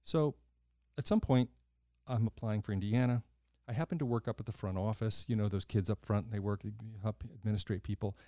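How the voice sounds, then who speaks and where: A man's voice: fairly low pitch, brisk, no room sound, studio quality. A man in his sixties, a podcast host, telling a personal story in a casual, blunt way, acting out the voices of the people in it. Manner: animated storyteller who acts out quoted voices, blunt and swears casually.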